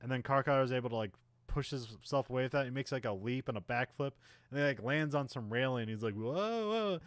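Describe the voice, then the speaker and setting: A man's voice: mid-range voice, fairly even intonation, quick pace, no room sound. Rambling man recapping a movie. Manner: rambling, many fillers, acts out characters' lines. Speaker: podcast co-host. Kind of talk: casual movie recap chat.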